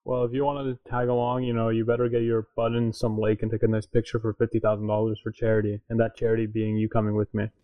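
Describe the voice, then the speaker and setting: A man's voice: lowish voice, completely flat delivery, quick pace, hardly any pauses, no echo, narrow, tinny audio. A man co-hosting a podcast in casual chat, laid-back and agreeable, often answering with short replies. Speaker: podcast co-host.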